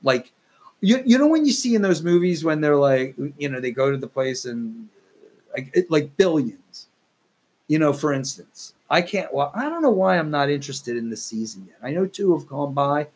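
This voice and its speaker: Man, husky voice, swoopy pitch, profane exasperated rant, rambling podcast host. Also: big pitch swings, normal speed, darkish tone. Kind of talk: solo ranting monologue.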